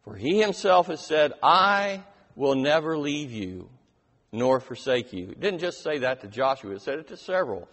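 A man preaching a slow sermon, his voice lively and swinging up and down as he stresses each line of scripture. His pitch sits a little high for a man. His voice carries a long reverb, as if in a large church hall. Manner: emphatic scripture reading, slows and rises on key lines.

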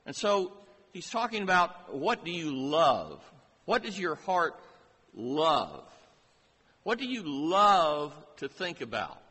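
A man preaching a sermon, slow and emphatic, asking many rising rhetorical questions. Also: on the high side, big pitch swings, sharp tone, breathy edge. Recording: long reverb of a large hall.

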